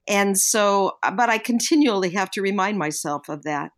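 A woman's voice: medium pitch, expressive, normal speed. An older woman, a guest on a podcast, reflectively telling parenting stories and acting out the voices of people she quotes. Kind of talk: podcast conversation.

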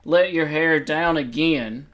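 An eager young king's son, read aloud by a woman. The voice is very low for a woman and plainly read. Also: slow pace, crowd noise.

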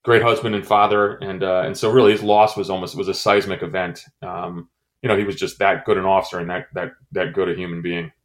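Deep-voiced man, halting and emotional. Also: little pitch movement. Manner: halting, many fillers and restarts, emotional. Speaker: former intelligence station chief. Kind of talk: interview, personal recollection.

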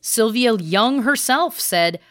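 A woman's voice: fairly high pitch, animated, slow pace, fairly bright tone, dry recording, studio quality. A woman podcast host recounting research in a chatty, casual way, full of asides. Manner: chatty, speaks in asides and restarts. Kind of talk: casual storytelling chat.

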